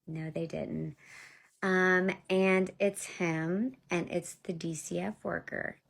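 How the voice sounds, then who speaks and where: A woman's voice: fairly low pitch, fairly even intonation, slow pace, creaky. A woman in her thirties telling her own story to viewers in a blunt, profane, exasperated way, talking straight to them. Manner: addresses viewers directly as y'all. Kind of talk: casual storytime monologue.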